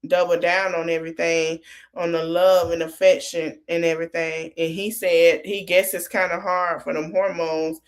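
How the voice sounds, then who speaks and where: Low-voiced woman recapping a reality show. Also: flat delivery, moderate pace. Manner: retells scenes quoting each line of dialogue; loose, conversational with many fillers. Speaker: podcast host. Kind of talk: casual TV recap.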